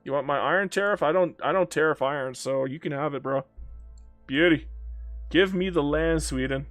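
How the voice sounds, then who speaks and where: A man's voice: on the high side, moderate pace, fairly bright tone, no echo, clean studio sound, soft background music. A young man giving goofy, teasing let's-play commentary, haggling aloud with the game and calling everyone bro. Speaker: strategy game player.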